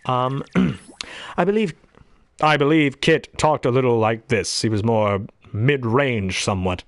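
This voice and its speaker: Speaking a little slowly in a mid-range voice, a hobbyist voice actor muses about his favorite voices in a clean, echo-free studio recording. He's chatty and meandering, dropping ums and clearing his throat between impressions.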